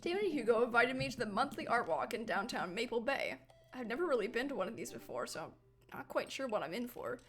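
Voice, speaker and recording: A woman's voice: on the high side, expressive, quick pace, fairly bright tone, faint music behind. A young woman playing a dating game, reading the text aloud with playful, swearing asides. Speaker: gaming streamer. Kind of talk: let's-play commentary and reading game text.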